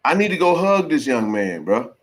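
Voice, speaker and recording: A man with a medium-pitched, sing-song voice hosts a call-in sports podcast at a moderate pace. He talks emphatically, almost preachily, and keeps throwing in "bro" and "man" during this casual chat with callers.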